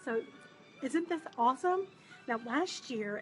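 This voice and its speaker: A woman speaks in a higher voice, talking softly and chatting through a live shopping stream. She greets her viewers one by one as they join, and her voice is picked up by a phone held in a busy indoor store. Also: moderate pace, faint music behind. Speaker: wreath maker and business coach.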